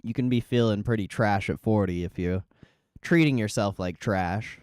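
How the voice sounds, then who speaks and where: Brief: male streamer, laid-back and profane, talking to chat, smooth clear tone, dry close sound. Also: fairly low pitch, normal speed, no echo. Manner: relaxed, profane, reading chat aloud. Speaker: livestream host. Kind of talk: casual live stream chat.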